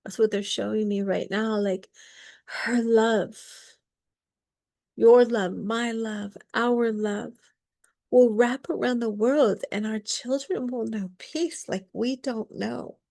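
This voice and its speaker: Softly whispering woman preaching slowly. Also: a little high, steady tone, gravelly. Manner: soft, slow and often whispering, tearful at times. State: tearful. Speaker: reverend leading a women's service. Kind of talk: spiritual sermon.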